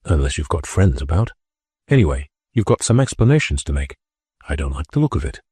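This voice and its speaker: A man's voice: extremely low pitch, very animated, fairly quick, warm tone, breathy edge, dry recording, clean studio sound, pitched below the performer's own voice, heavily acted. A man reading an audiobook, voicing a cool, self-assured young man of a wealthy family who speaks in a composed, slightly haughty way.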